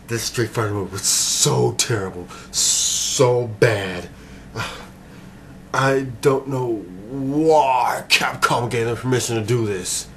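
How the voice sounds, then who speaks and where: Male film reviewer, casual and exasperated, moving between low grumbling and loud outbursts, with an everyday mid-range voice and heavy noise and traffic sounds under him. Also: takes it slowly. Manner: exasperated, swings between muttering and shouting. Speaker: movie reviewer.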